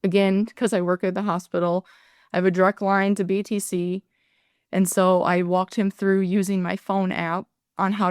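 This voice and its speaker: A woman in her thirties, a nurse and paramedic, telling her story as a podcast guest in an earnest, halting way. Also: medium pitch, darkish tone, clear, resonant tone, no echo, clean studio sound. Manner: earnest, halting retelling that acts out her own past words. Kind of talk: podcast interview, personal account.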